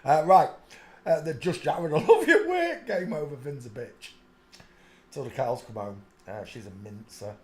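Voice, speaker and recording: A streaming host with a medium-pitched, steady, slightly dark voice makes fun of photos he is viewing. He talks at a moderate pace, and his mocking live commentary is often broken up by fits of giggling.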